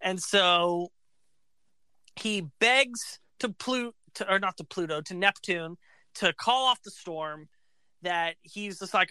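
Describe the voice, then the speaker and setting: A woman casually retelling an opera plot, animated and acting out the characters' lines. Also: medium pitch, slow, smooth, dry recording.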